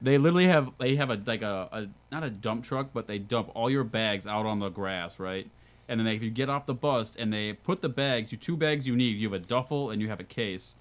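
A man's voice: lowish voice, a little fast. A man from small-town Wisconsin, swearing and laughing through casual stories about military training. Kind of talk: casual podcast chat.

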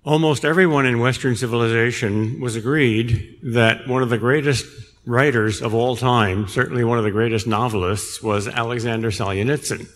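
An older man giving a public lecture, telling a story in a measured way with dry humor. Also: mid-range voice, fairly even intonation. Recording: long reverb in a large hall.

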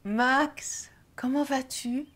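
A guarded, evasive mother in a live-action game, her voice somewhat high. She talks haltingly, full of pauses and hesitations. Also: fairly even intonation, fairly bright tone, full character voice. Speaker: mother on a video call. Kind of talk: FMV game acting.

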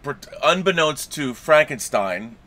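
A man with a bright, sharp voice that swoops up and down as he jokes about a classic film. He keeps the chat light and chimes in with quick quips. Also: a little high, lively intonation, a little hiss or hum. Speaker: podcast host.

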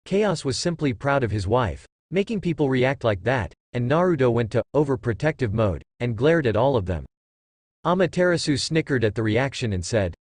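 A man's voice: medium pitch, lively intonation, normal speed, a little mellow, no room sound. Man reading a fan story, dry close voice. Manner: plain reading with small stumbles. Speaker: narrator. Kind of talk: reading fan fiction aloud.

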